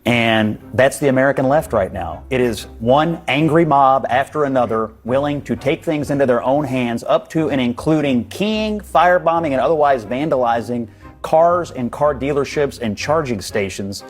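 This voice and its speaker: A man arguing forcefully and indignantly as a guest on a TV panel debate. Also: medium pitch, expressive, moderate pace, faint music behind.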